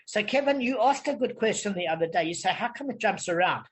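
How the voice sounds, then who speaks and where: A man's voice: high voice, expressive, quick pace, a little hiss or hum. A man from Africa, leading an online Talmud study group and explaining patiently, often checking that everyone follows. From South Africa.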